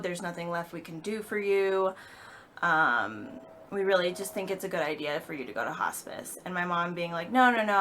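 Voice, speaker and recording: A young woman in her twenties, a vlogger, telling an emotional personal story with halting speech and many fillers. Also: on the low side, sharp tone, slight background noise.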